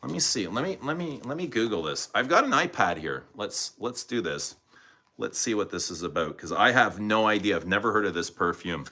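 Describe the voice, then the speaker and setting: Lively chatty man with a bright voice. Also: fairly low pitch, brisk. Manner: chatty, thinks aloud, talks to viewers by name. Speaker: livestream host reviewing fragrances. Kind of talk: casual live-stream chat.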